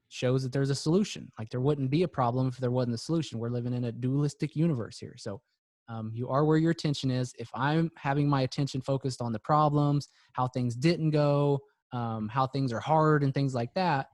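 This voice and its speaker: A man's voice: mid-range voice, darkish tone, no echo. A man speaking as a podcast guest and business coach, earnest and reflective, often repeating words for emphasis. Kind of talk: motivational podcast talk.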